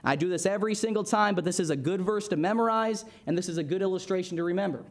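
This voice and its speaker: A man's voice: high voice, quick pace. A young man preaching a casual, conversational sermon, often checking in with the listeners with "amen?" and "right?". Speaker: Sunday school teacher preaching.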